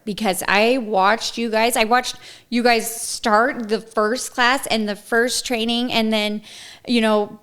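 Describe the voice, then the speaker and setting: A woman's voice: medium pitch, fairly bright tone, clean tone. A woman guest on a podcast in casual chat, telling stories with animation, acting out quoted dialogue and laughing often. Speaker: podcast guest, small business founder.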